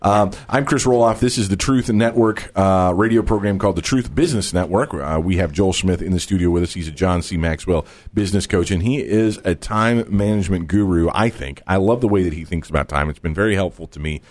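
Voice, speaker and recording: A man's voice: low-pitched, brisk, few pauses, darkish tone. A man with a Texas accent hosting a radio talk show, talking in an emphatic, conversational way into a studio microphone.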